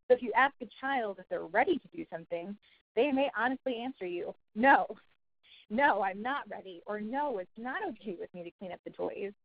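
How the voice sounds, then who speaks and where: A woman giving a recorded training talk for caregivers, explaining clearly and acting out example phrases. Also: medium pitch, lively intonation, brisk. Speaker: early childhood trainer. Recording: dry, phone-like narrow sound.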